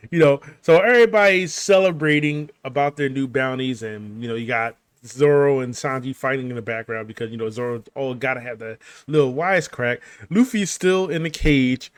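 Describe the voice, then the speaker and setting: A man's voice: mid-range voice, normal speed, no echo. A man casually recapping a manga chapter over game footage, rambling with lots of fillers, restarts and little chuckles. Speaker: gaming channel host recapping a manga chapter.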